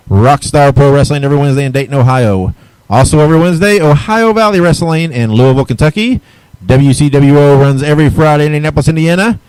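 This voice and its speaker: An easygoing male podcast host talks in a relaxed, chatty way between show plugs. The recording is dry and close, with no room echo. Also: fairly high pitch. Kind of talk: casual podcast chat.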